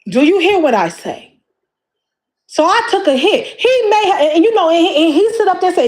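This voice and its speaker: High-pitched woman, impassioned and preachy. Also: sing-song, normal speed. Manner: preachy and emphatic, repeats phrases. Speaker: YouTube creator. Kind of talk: impassioned direct-to-camera monologue.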